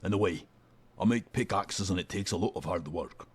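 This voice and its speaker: A man voicing a crude, rude male dwarf blacksmith in a deeper put-on accent for a game. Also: moderate pace, slightly rough. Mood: gruff. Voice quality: deeper put-on voice, not Scottish. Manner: rude, swearing, mocking. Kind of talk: fan voicing of a game character.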